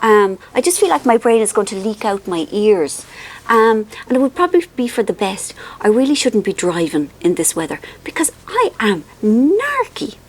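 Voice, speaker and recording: A woman's voice: medium pitch, very animated, moderate pace. An Irish woman vlogging in a casual, rambling and self-mocking way, worn out by the heat. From Ireland. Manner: chatty, rambling, self-mocking, with frequent ums. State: wilting from the heat. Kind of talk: casual chat to camera.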